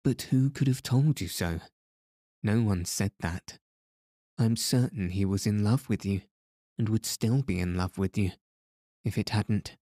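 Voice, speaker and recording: A man reads a gentle, earnest older sister in an audiobook. The voice is low and slow, with a dark, mellow tone. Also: no echo, studio quality.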